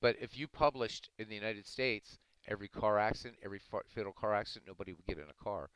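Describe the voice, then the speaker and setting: Deep-voiced man arguing with chat. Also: fast talker, a bit bright, clean tone, no room sound, low-quality recording. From Ireland. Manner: argumentative, talking back to chat. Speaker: live streamer reading chat. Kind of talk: casual livestream chat.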